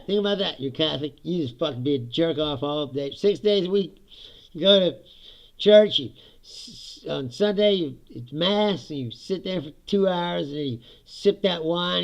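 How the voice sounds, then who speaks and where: Laughing frequently and swearing freely, a man hosts a podcast with a casual ranting monologue. His voice is high-pitched, gravelly, and fairly bright in tone, captured in dull lo-fi sound.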